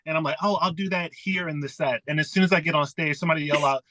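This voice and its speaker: A man's voice: a little high, fairly even intonation, fast talker, bright, forceful tone, dry recording, rough recording. A man, a comedian, chatting casually about writing his sets, acting out his own thoughts as he talks.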